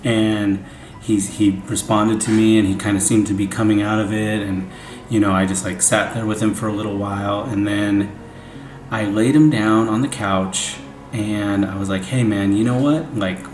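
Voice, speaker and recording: A young man, a father, telling a family story in a casual, rambling way, full of "like" and "you know". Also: fairly low pitch. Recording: echoey room, faint music.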